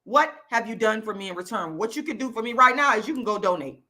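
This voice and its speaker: A woman from Florida, hosting her own channel and ranting angrily into the camera with loud, profane, repetitive emphasis. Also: on the high side, animated, fast. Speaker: YouTube channel host. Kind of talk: angry direct-to-camera rant.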